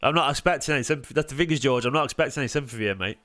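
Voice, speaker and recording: A man hosting a live football watchalong, sarcastic and defensive as he talks back to viewers in the chat, moving from low mutters to sharp raised outbursts. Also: rapid-fire. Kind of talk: live-stream match commentary and chat replies.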